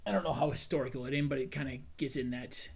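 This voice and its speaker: A man's voice: mid-range voice, quick pace, creaky, breathy edge. Rambling man co-hosting chat. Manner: rambling, hesitant, many fillers and restarts. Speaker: co-host. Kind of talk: casual chat.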